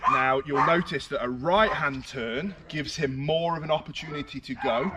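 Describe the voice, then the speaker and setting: A British man working as a dog trainer, explaining his methods while giving firm short commands and high praise to a dog outdoors. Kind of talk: outdoor training demonstration with commentary. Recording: distant outdoor mic with heavy noise.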